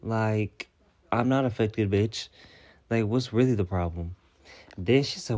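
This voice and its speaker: A man's voice: fairly low pitch, a little slow, a little mellow. A young man telling a story in a casual vlog, sassy and blunt, cursing freely as he reads out his own messages. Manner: retells a chat, reading out his messages.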